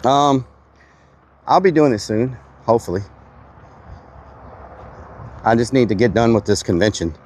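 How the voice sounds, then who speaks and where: A man's voice: mid-range voice, lively intonation, unhurried, long pauses, a little mellow, slight background noise. A man live-streaming outdoors while working, talking casually with his chat and out of breath. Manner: chatty, answers chat, mild exclamations. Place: outdoors on a windy property.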